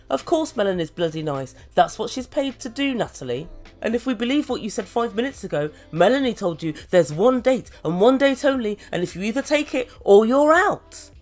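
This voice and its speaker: Woman, higher pitch, dry mocking reviewer who swears. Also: big pitch swings, fairly quick, a little mellow, faint music behind. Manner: sardonic, mocking, swears freely. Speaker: reality TV reviewer. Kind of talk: sarcastic recap commentary.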